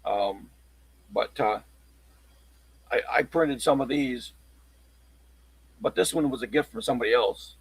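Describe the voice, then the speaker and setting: A man talks through his locksport tools in a halting, rambling show-and-tell. His voice is gravelly and a bit husky, at an ordinary pitch for a man. The sound is dry, with no room around it. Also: no echo, poor audio. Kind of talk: casual livestream chat.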